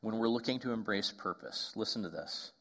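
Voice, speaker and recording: A man delivers a sermon in a conversational way, tossing in asides to his listeners and restarting phrases. He slows right down to weigh his key points. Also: on the low side, creaky, fairly bright tone. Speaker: pastor.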